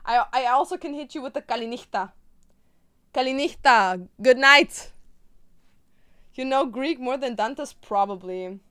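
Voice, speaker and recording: A woman's voice: sits high, unhurried, long pauses, a bit bright, clean tone. A young woman whose first language is German, chatting casually and playfully while crafting on a stream.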